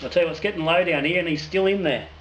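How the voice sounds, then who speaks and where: A fairly high-pitched man talks fast in a fairly bright tone. He's a home brewer running his own channel, drawing raffle winners and chatting about brewing, joking, swearing casually, and trailing off before restarting. The room is echoey, with noticeable noise.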